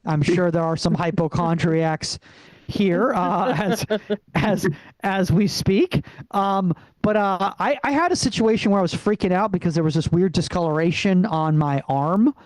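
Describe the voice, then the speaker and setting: A man doing a rambling stand-up set over a video call, pausing often with ums and uhs. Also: sits high, no echo, poor audio. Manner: rambling, halting delivery with many fillers. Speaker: stand-up comedian.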